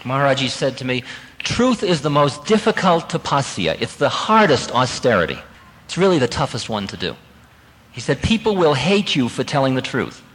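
Animated man telling a spiritual story. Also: mid-range voice, long reverb tail, poor audio. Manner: animated, conversational, laughs at himself. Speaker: spiritual teacher.

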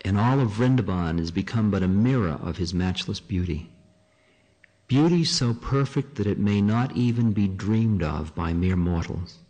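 A man's voice: deep voice, animated, normal speed, warm tone, low-quality recording. A man reading aloud as a devoted young married woman, in fervent, old-fashioned declamation. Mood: rapturous.

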